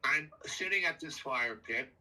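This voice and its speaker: A man's voice: a little high, lively intonation, unhurried, sharp tone, far from the mic, poor audio. An older man telling a meandering personal story that jumps around in time. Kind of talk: rambling personal anecdote.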